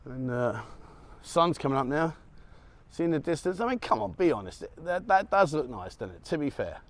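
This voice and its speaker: A middle-aged vlogger walks along a city street at dawn, talking to a handheld camera in his walk-and-talk vlog. His fairly high voice swings widely in pitch at a normal speed as he chats, jokes, and laughs at his own lines.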